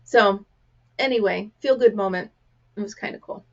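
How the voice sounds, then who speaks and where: Woman, American accent, gravelly and throat-clearing, chatty anecdotal host, slightly dull recording. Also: medium pitch, moderate pace. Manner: chatty storyteller, acts out quotes. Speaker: crafting vlog host. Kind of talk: casual chat to camera.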